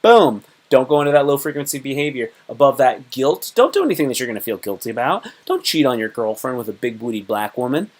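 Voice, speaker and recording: This livestream host talks fast and expressively at a medium pitch, barely pausing. His casual self-improvement monologue is rambling and repetitive, and he often performs short imagined exchanges.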